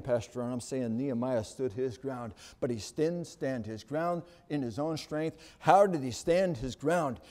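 A man's voice: on the high side, dark tone. A middle-aged male pastor preaching a sermon, building emphasis with rhetorical questions.

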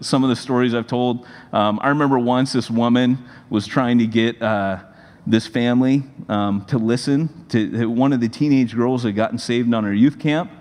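A man in his forties, a pastor, giving a sermon in a conversational, animated storytelling manner. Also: medium pitch. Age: 40s. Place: church sanctuary. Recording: long reverb of a large hall.

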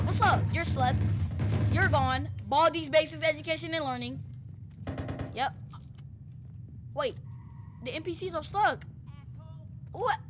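A woman giving excitable, slangy gameplay commentary, shouting and joking at her teammate. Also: high voice. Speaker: gaming YouTuber.

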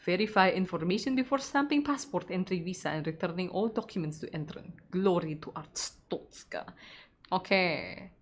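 A woman's voice: on the low side, moderate pace. Playful Indonesian-accented woman streamer. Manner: playful, reads game text aloud, sudden excited shrieks. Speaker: VTuber streamer. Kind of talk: casual gameplay commentary.

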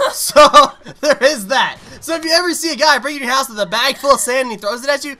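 A man co-hosting a gaming chat, explaining absurd theories with mock seriousness and loud acted outbursts. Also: extremely high pitch, quick pace. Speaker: gaming channel co-host. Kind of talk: casual comedic chat.

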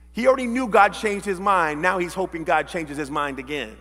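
A male pastor preaching a sermon, dramatic, acting out quoted voices and swinging from loud to hushed. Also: sits high, moderate pace, in a large hall. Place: church sanctuary.

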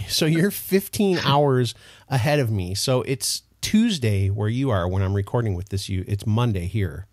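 A man's voice: fairly low pitch, expressive, measured pace, no echo, clean studio sound. A man with an American accent hosting a podcast in casual, chatty, self-mocking conversation. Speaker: podcast host. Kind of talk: casual chat.

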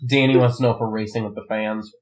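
A man's voice: fairly low pitch, fairly even intonation, fast, reverberant. A man co-hosting a let's play, making wisecracks at his friends. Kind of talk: casual gaming banter.

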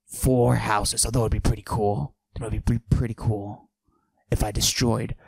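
A man putting on a husky, forced-deep macho braggart. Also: level tone, moderate pace, no room sound. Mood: swaggering. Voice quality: forced deep breathy whisper. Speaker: podcast host. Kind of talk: comedic monologue in character.

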